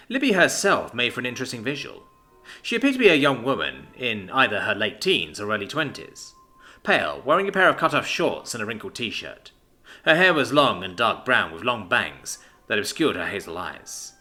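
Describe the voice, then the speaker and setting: A man's voice: fairly low pitch, very animated, normal speed, bright, forceful tone, faint music behind. A man narrating a fiction story in a dramatic way, giving each character their own acted voice.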